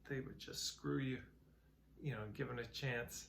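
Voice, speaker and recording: A man voicing a bitter traveler who gripes about the people back home, with a gravelly voice. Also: mid-range voice, steady tone, measured pace, fairly bright tone, slight background noise. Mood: griping. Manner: complaining, griping. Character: bitter male traveler, sour about everyone.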